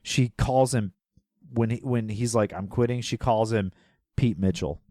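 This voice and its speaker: A man's voice: fairly low pitch, measured pace, warm tone, no room sound, studio quality. A man co-hosting a podcast, recapping a movie in casual chat, laughing often and acting out characters' lines. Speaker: podcast co-host.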